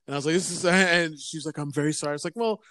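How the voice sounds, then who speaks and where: A man's voice: on the high side, quick pace, bright, forceful tone, no room sound. A man chatting casually, telling a rambling story with stops and restarts and plenty of swearing. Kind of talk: casual chat.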